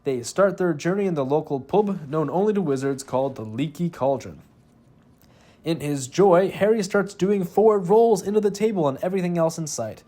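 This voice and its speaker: Young man, fairly high-pitched, gameplay commentary, scripted humor, wry asides. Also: expressive, normal speed, warm tone. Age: young adult. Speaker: gaming video host. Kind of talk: scripted comedic narration over gameplay.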